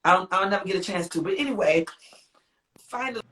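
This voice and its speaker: A woman's voice: mid-range voice, lively intonation, fast, fairly bright tone. A woman singer and author, a guest on a live interview, speaking heartfelt and rambling, repeating herself with exclamations. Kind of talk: emotional livestream interview talk.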